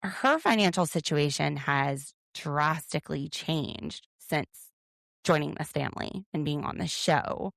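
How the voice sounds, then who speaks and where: A woman's voice: sits low, animated, measured pace, creaky, fairly bright tone, dry recording, clean studio sound. A woman co-hosting a podcast, recapping a reality show in an opinionated, sarcastic way. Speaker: podcast co-host. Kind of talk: casual recap chat.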